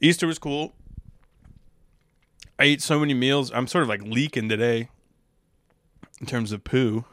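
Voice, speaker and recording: A man's voice: mid-range voice, fairly even intonation, measured pace, pauses often, fairly bright tone, no echo. A young man, a stand-up comedian, talking in a casual, rambling monologue with a crude, profane and wry manner.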